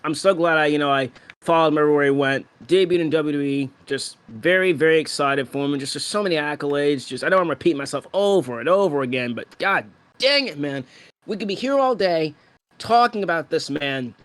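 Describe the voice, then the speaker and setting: Brief: young male podcast co-host, higher-pitched, excited rambling fan talk, dry close sound. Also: brisk, clear, resonant tone, dry recording. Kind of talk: casual podcast chat.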